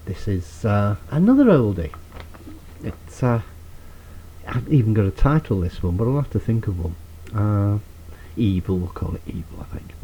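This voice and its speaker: A man's voice: lowish voice, sing-song, moderate pace, pauses often, slightly rough, muffled recording. A man reciting his own rhyming poems, with dry, self-deprecating asides between them. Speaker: poet.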